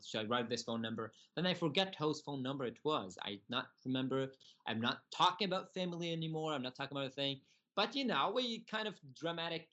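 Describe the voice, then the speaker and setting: A young man from Syria, telling his personal story as a podcast guest in earnest, halting, broken English. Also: medium pitch, fairly bright tone, lo-fi sound.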